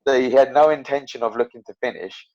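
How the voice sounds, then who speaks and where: A fast talker with a medium-pitched voice, this young professional fighter rambles as a guest in a casual interview. His storytelling is animated and full of fillers and restarts, captured on dull lo-fi podcast audio.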